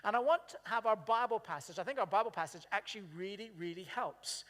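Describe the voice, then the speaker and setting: A man's voice: sits high, fast talker, fairly bright tone. A man preaches to his congregation in an easy, chatty way. He keeps asking them questions and acting out little quotes. His voice rings with the long reverb of a church hall. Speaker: pastor. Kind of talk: sermon.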